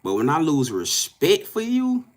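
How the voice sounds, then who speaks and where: A man's voice: a little high, huge pitch swings, measured pace. Profane, emphatic man reading tarot. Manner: profane, emphatic, keeps addressing viewers directly; repeats phrases and restarts, laughs often. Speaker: tarot card reader. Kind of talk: casual live-stream tarot reading.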